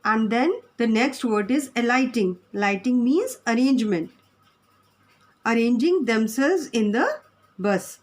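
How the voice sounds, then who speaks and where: A woman teaches a class of young children. She talks slowly and deliberately, in a slightly high voice. She spells key words out letter by letter. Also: expressive.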